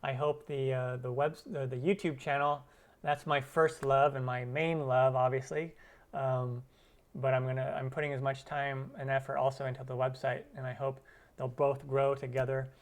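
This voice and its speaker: A man's voice: mid-range voice, level tone, normal speed. A man hosting a cooking channel's live stream Q&A, chatting loosely with viewers and using many fillers. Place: lives in Arizona.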